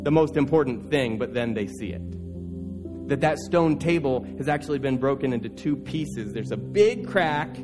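A pastor preaching a sermon in an earnest, urging way, building through repeated phrases. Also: male voice, mid-range voice, lively intonation, moderate pace, music in the background.

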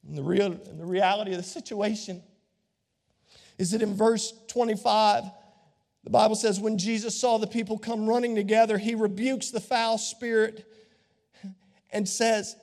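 A man preaching a sermon as pastor, dramatic, acting out the voices of Bible figures and swinging from hushed tones to shouts. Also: high voice, fairly even intonation, moderate pace. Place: church sanctuary. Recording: long hall reverb.

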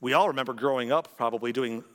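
A man preaching a conversational sermon as pastor, animated and playful, with joking asides and quick impressions of other people. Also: medium pitch. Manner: animated, joking asides, acts out quoted voices. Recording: long reverb of a large hall.

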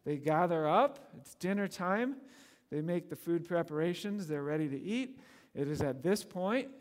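A man preaching a sermon in a conversational, animated way, often laughing and acting out the people in the story. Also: a little high, normal speed, big-room sound. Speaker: pastor.

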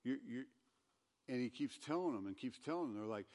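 A man giving a conversational sermon as a pastor, who gets loud and emphatic when he reads scripture aloud. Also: medium pitch, expressive, fairly quick, long reverb tail. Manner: conversational preaching, rising to loud scripture reading.

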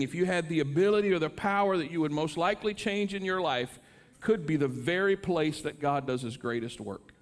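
Middle-aged male pastor with a high voice, earnest sermon delivery that climbs into passionate pleading. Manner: earnest preaching, rising to impassioned pleas.

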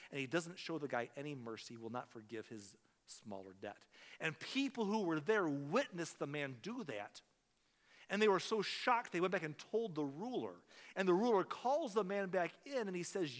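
A man's voice: sits high, very animated, a little fast, fairly bright tone, big-room sound. A man preaching a sermon as a pastor, telling a story and acting out the characters' lines. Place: church sanctuary.

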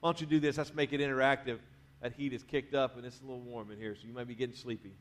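A man preaching a sermon in a church, talking conversationally, dropping quiet at the ends of phrases and rising to urge the congregation on. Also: mid-range voice, steady tone, rapid-fire. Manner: conversational preaching, drops to quiet endings, rises to urge the crowd. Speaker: pastor. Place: church sanctuary.

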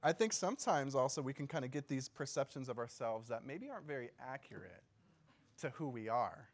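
A man's voice: mid-range voice, expressive, a little fast, gravelly. A man giving a casual sermon as a pastor, talking conversationally, joking and often asking his listeners questions. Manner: laughs easily and jokes.

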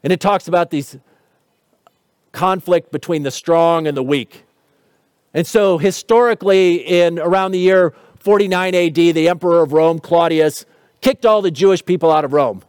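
A man's voice: a little high, moderate pace, a little mellow, clean tone, no room sound, studio quality. A man preaching a sermon, explaining scripture in a teaching tone with light humor and rhetorical questions. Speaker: pastor.

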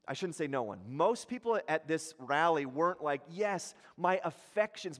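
A man's voice: a little high, in a large hall. A man preaching a sermon, acting out crowd voices with many restarts. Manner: animated, acts out crowd voices, frequent restarts. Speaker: pastor.

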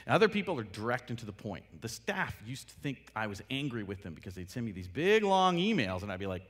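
Animated man teaching in a reverberant hall. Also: mid-range voice, a little fast. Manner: animated, acts out little dialogues with laughs. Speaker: workshop speaker. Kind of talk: casual talk on listening skills.

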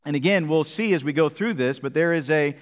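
Pastor guy preaching sunday morning, pretty high voice, big reverb from the hall. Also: a little fast. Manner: emphatic preaching, asks the congregation questions. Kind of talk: sermon.

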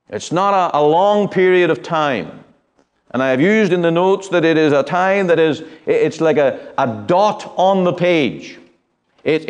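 A middle-aged man from the United Kingdom teaching a Bible study, speaking in an earnest, measured way with frequent pauses and fillers. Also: a little high, darkish tone.

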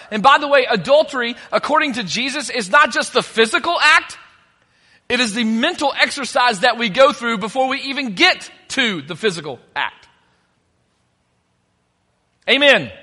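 A man's voice: very high-pitched, lively intonation, moderate pace, pushed and bright, in a large hall. A man preaching a sermon as pastor, conversational and joking between points.

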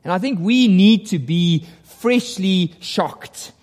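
A man with a high voice delivers an earnest, emphatic sermon. His preaching builds in intensity, and the long reverb of a large hall trails after his words. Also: expressive, takes it slowly, a little mellow.

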